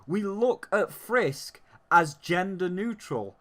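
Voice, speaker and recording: Slow, heated man ranting about games. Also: high voice, lively intonation, bright, forceful tone. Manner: heated, profane ranting with emphatic lists. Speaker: game reviewer. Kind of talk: ranting video review.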